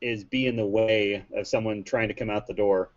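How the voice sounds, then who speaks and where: A man's voice: fairly low pitch, fairly even intonation, moderate pace, highs cut off. An easygoing man playing a tabletop game in casual chat. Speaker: player.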